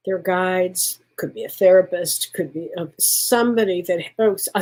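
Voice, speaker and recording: Effusive woman medium answering viewer questions. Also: medium pitch. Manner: warm, effusive, laughs often, calls people honey. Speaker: spiritual medium hosting a live Q&A. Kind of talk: live-stream Q&A, reading out viewer questions.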